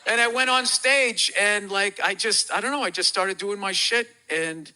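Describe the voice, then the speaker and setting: A man from America telling stories as a comedian guest on a talk show, his voice pitched high for a man and strikingly bright and cutting. He swears freely and bursts into loud, animated impressions of the people in his stories. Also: normal speed. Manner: profane, animated, acts out quoted voices loudly.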